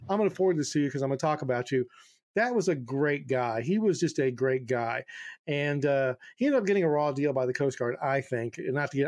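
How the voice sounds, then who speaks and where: A middle-aged man co-hosting a podcast, telling rambling, profane stories in a lively way with lots of fillers. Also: fairly high pitch. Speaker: podcast co-host. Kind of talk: casual storytelling chat.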